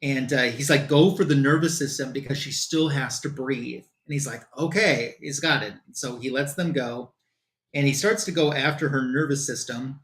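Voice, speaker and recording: A man's voice: medium pitch, normal speed, fairly bright tone. A man on a comic book show, casually recapping a plot in loose quoted dialogue with lots of fillers.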